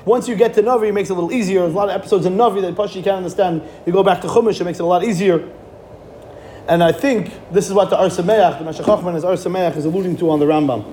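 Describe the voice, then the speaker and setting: A man giving a Torah class, animated, with rhetorical questions and frequent restarts. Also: high voice, racing, a little hiss or hum. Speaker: Torah teacher.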